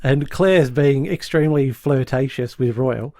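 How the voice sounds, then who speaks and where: A man's voice: mid-range voice, a little mellow, no room sound, studio quality. A man chatting casually as a podcast co-host, retelling a sitcom episode and acting out the characters' lines. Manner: acts out characters' lines in quick impressions.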